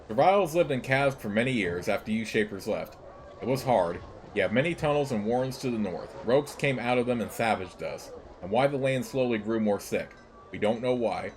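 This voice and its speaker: A man voicing an old, bitter female servile rebel leader, speaking slowly in halting, broken phrases. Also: medium pitch, animated, slight background noise, lightly acted. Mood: grim.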